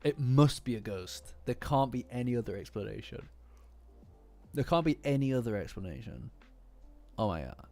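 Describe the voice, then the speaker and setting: A man's voice: medium pitch, lively intonation, moderate pace, gravelly, a little mellow. Tired young guy rambling on stream, apologizes a lot, faint lofi music in the background. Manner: rambling, apologetic, self-deprecating. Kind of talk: casual livestream chat.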